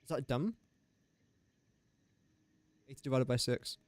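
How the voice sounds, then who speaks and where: A man's voice: medium pitch, takes it slowly, no echo. A man chatting on a game live stream, thinking aloud through sums and joking with viewers. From England. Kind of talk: casual live-stream chat.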